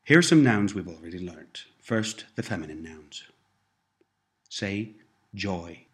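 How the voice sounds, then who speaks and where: A man's voice: deep voice, expressive, takes it slowly. A man giving a scripted language lesson, prompting words and phrases for repetition and patiently explaining how sounds change. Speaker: language teacher.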